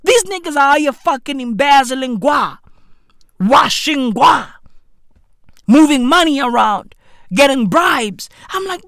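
A high-pitched woman rants in a profane, exaggerated comic style. Her voice leaps up and down as she drags out her words at an unhurried pace. The sound is dry and close, with no room around it. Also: lively intonation, fairly bright tone, no echo. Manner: profane, exaggerated, rapid-fire slang. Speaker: comic vlogger. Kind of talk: comedic rant.

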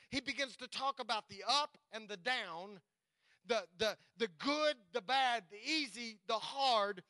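Bright high-voiced man preaching a sermon. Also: no echo, poor audio. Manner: preaching, reads scripture slowly and emphatically, talks directly to the congregation. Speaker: pastor.

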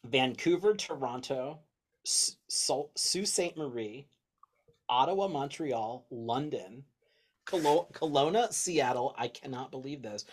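A man hosting a casual podcast chat, excitable, swearing freely and reading out long lists. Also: medium pitch, measured pace, husky. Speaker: podcast host.

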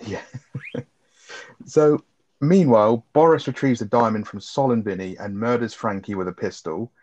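A man's voice: lowish voice, moderate pace, darkish tone. A man co-hosting a film review podcast, casually recapping plot and swearing freely. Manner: laid-back, swears freely, summarizes plot. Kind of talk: casual chat. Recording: dull lo-fi sound.

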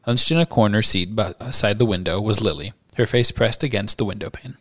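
A man's voice: on the low side, fairly quick. A man hosting a podcast, reading a novel aloud and discussing it. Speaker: podcast host and reader.

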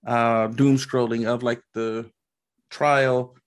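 A man chats casually on a podcast at a plain middle pitch. He talks loosely, leaning on fillers like "like" and "you know", and gets animated when he retells a moment. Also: takes it slowly, clear, resonant tone. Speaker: podcast co-host. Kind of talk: casual chat.

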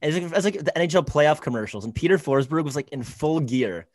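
A man's voice: on the high side, animated, a little mellow, no echo. A young man in casual chat, laid-back and full of "like"s. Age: young adult. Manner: fast, laid-back, many "like"s. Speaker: podcast co-host.

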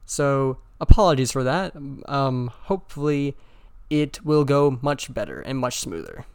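A man's voice: mid-range voice, expressive, a little slow, clean tone, no room sound. A young man, a podcast co-host, giving a matter-of-fact spoken update with an apologetic tone. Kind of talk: inserted pre-recorded announcement.

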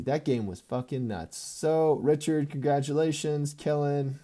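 A young man casually recapping his fantasy football league for his friends, swearing constantly and swinging between mumbled asides and loud ribbing. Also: on the high side, unhurried.

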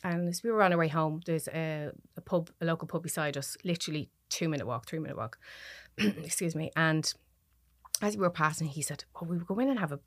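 A woman with a Dublin Irish accent, a podcast guest telling a personal story, soft-spoken and often dropping to near whispers. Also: sits low, a little fast, dry recording, clean studio sound. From Ireland.

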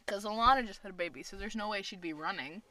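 A woman's voice: medium pitch, fast talker, pushed and bright, low-quality recording. A woman co-hosting a casual podcast, giggling often and trading crude, teasing banter. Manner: giggly, laughs through her lines. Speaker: podcast co-host. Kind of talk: casual chat.

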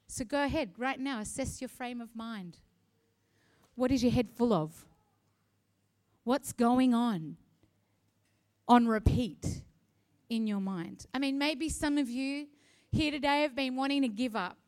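Female pastor preaching, high-pitched and unhurried, with emphatic build-ups to loud passionate lines. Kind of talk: sermon.

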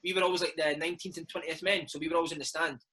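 A Scottish man in his thirties, a former footballer telling animated stories in a casual interview chat, dropping "mate" into every other line. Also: fairly high pitch, racing, slightly rough, poor audio. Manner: animated storytelling, peppered with "mate". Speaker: former footballer and podcast host, interview guest.

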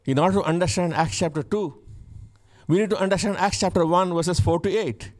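A man's voice: high voice, fairly quick. A male pastor preaching a fervent sermon, repeating key phrases for emphasis.

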